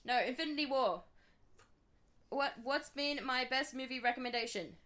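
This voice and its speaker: Bright, giggly woman podcast host. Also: sits high, expressive, normal speed. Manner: giggly, swearing, playful. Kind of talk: casual chat quiz. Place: in bed at home.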